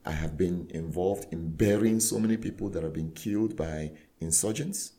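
A man, a clergyman guest, telling a story in conversation with earnest, animated retelling that acts out dialogue. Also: low voice, normal speed. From Nigeria.

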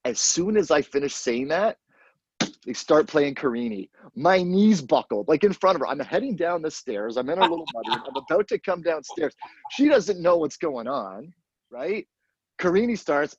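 Husky lo-fi podcast host, a man. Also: a little high, moderate pace, no echo. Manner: animated storyteller, excitable. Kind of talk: casual podcast chat. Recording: dull, lo-fi dry sound.

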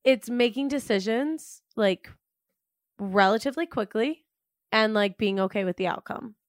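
A woman's voice: on the high side, normal speed, dry recording. A young woman co-hosts a casual chat podcast. She talks hesitantly, circling her point with fillers and restarts. The sound is dry and close. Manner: hesitant, filler-heavy, many "like"s. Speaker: podcast co-host.

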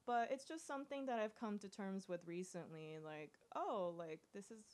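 A woman chatting casually as a podcast co-host, reflective and quick to laugh. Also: mid-range voice, a little mellow. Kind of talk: casual chat.

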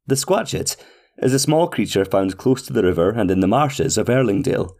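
A man's voice: fairly low pitch, animated, a little fast, vocal fry, darkish tone. A man voicing a pompous male restaurant manager who reads out a formal, flowery, overly polite letter. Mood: courteous. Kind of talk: scripted reading of a letter.

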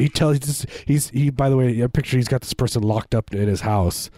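A man's voice: medium pitch, brisk, mellow, no echo. A man co-hosting a podcast, chatting casually in a rambling, joking way. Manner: rambling, joking, easily amused. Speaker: podcast co-host. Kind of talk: casual chat.

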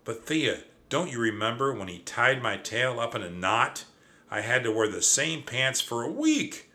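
A high-strung, fussy male mouse , as a man reading puts him on, who yelps his protests in a bright, strained voice. Each complaint comes out slow and emphatic in a storybook read-aloud. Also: very animated, heavily acted. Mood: protesting. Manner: flustered, high-strung outbursts.

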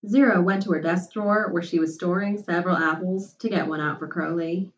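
Low-voiced woman reading a story. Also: steady tone, brisk, reverberant, slight background noise. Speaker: narrator. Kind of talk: audiobook narration. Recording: distant, muffled recording.

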